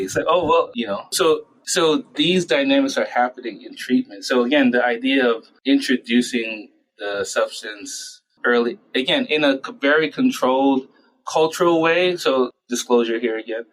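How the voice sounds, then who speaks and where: Animated man acting out quoted asides. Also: medium pitch, rough recording. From United States. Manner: animated, acts out parents and patients in quick quoted asides. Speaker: child psychiatrist guest. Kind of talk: conversational interview answers.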